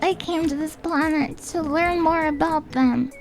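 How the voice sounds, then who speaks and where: A woman's voice: sits high, steady tone, measured pace, music in the background, voice pushed up. Woman putting on a sweet gushing alien. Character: cutesy alien charmed by earthlings.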